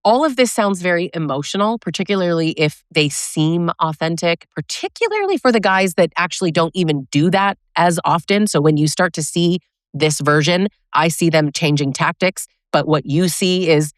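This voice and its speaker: A woman's voice: lowish voice, lively intonation, moderate pace, no echo, clean studio sound. A woman relationship coach giving a direct, conversational talk, often asking rhetorical questions. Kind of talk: educational talk to camera.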